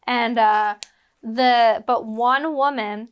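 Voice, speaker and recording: A woman's voice: fairly high pitch, steady tone, slow pace, clear, resonant tone, dull audio. A woman from Philadelphia, a guest actress chatting casually while building bricks, rambling with lots of fillers and laughing at herself when she gets distracted. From Philadelphia, United States.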